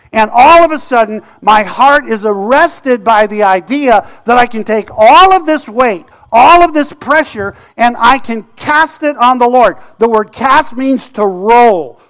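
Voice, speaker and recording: A man's voice: extremely high pitch, fairly bright tone. A man preaching a sermon in a conversational way that builds to impassioned pleading. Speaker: pastor.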